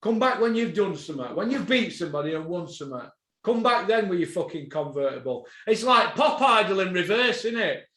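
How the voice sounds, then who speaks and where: A man hosting a boxing podcast, ranting, swearing and bursting into shouts. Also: high-pitched, big pitch swings, a little fast, reverberant.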